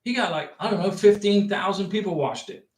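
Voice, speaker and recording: An American man hosting a visa livestream has a high voice with a darkish tone, talks fairly quickly, and sounds reverberant. He's casual and chatty, responding to viewer comments while rambling and repeating points emphatically.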